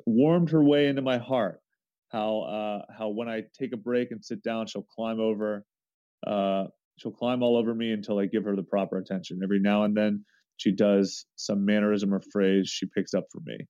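A low, mellow man's voice reads a first-person forum story aloud, earnest and often restarting mid-sentence. The sound is dry and close, with a dull, lo-fi tone. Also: dry recording.

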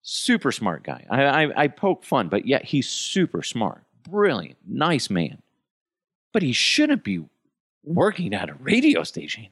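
A man hosting a comedy podcast, delivering a profane, mocking monologue full of quick impressions. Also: mid-range voice, huge pitch swings, fairly bright tone, breathy edge, dry recording, studio quality. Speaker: podcast host.

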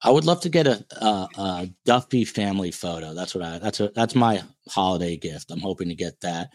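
A man's voice: deep voice, lively intonation, a little fast. A man hosting a podcast livestream in a casual, joking, playfully boastful way, with a New Jersey accent. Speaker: podcast host.

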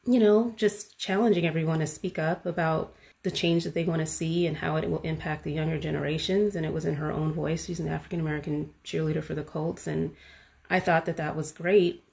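A woman hosting a podcast, talking casually and with animated enthusiasm, full of fillers like "you know" and "like". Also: sits low, a little fast, creaky. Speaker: podcast host. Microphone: podcast mic.

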